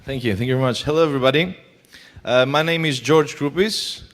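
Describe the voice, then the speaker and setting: A man's voice: mid-range voice, fairly quick. A man with a Greek accent giving a talk at a conference, hesitant and full of filler sounds. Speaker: conference speaker. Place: conference hall.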